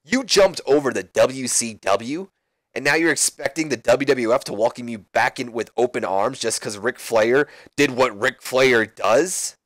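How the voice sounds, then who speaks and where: A man's voice: medium pitch, a little slow, a bit bright, dry recording, clean studio sound, close to an everyday voice. A man voicing an arrogant male wrestler who mocks and taunts his rivals. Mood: scornful. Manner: taunting, mocking.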